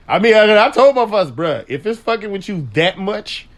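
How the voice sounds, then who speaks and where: A man's voice: high voice, a little slow, gravelly. A man hosting a radio talk show, telling stories in crude slang with a lot of laughter. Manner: animated storytelling, frequent laughter, crude slang. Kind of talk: casual chat.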